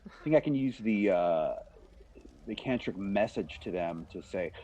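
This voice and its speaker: A man role-playing in a tabletop game with a wry, deadpan delivery. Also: on the low side, moderate pace, muffled recording. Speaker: player.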